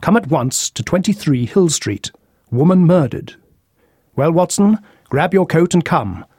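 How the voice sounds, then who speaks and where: A man voicing a measured, authoritative detective in an audiobook mystery. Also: a little high, big pitch swings, mellow, husky, dry recording, clean studio sound, voice pushed up, full character voice. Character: calm, incisive consulting detective, man. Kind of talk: audiobook character voice.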